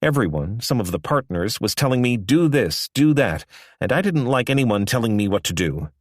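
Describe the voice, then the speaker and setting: A man's voice: medium pitch, sing-song, moderate pace, no echo, studio quality. A man voicing a headstrong young dealmaker who speaks in an exasperated, emphatic way, in an audiobook.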